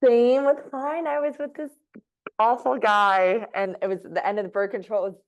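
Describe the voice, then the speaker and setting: A woman hosting a podcast in casual chat, reacting with quick interjections and follow-up questions. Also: on the high side, steady tone, dull audio. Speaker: podcast host.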